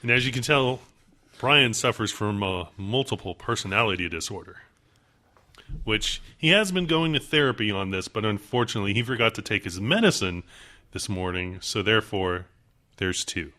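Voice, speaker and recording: A man's voice: lowish voice, expressive, normal speed, bright, forceful tone. A man co-hosting a casual podcast, teasing and exasperated by his partner's jokes. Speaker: podcast co-host.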